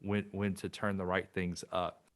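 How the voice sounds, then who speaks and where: Man, podcast host, deep voice, monotone, reflective, casual interview. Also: moderate pace. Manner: reflective, hesitant fillers.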